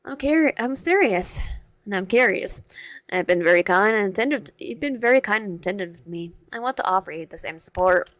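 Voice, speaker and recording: A woman voicing a kind player character in a visual novel, speaking gently and reassuringly. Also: medium pitch, animated, brisk, no echo, natural voice. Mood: gentle.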